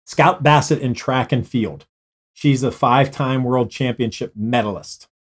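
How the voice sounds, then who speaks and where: A man's voice: medium pitch, a little slow. A man chatting casually with a co-host, playful and laughing often, sometimes imitating sounds. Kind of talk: casual chat.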